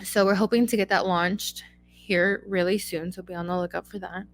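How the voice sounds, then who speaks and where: A woman's voice: fairly low pitch, flat delivery, normal speed, a little hiss or hum. A young woman hosting a solo podcast, giving blunt, emphatic advice in a casual chatty way with lots of repetition. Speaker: podcast host.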